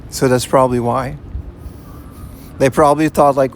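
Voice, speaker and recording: There's slight background noise as a man streams live on foot through city streets with a portable rig. His creaky, mid-range voice holds a steady tone at normal speed, with frequent pauses. This IRL streamer chats casually, reading and answering his chat in a relaxed way and often saying "man" and "you know."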